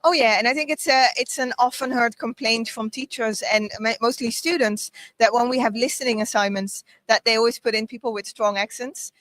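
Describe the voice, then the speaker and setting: A woman's voice: a little high, a little fast, few pauses, a bit bright, no echo, poor audio. Lady interviewing, playful and curious, dry close mic. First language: Dutch. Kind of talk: casual livestream interview.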